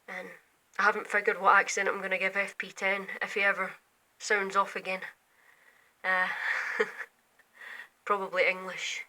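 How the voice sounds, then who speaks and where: A young woman rambling at night from her bedroom window, often slipping into quiet whispers while filming on her phone. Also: medium pitch, rough recording. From Scotland. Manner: drifts between quiet whispers and louder asides. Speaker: vlogger. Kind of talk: rambling night-time chat.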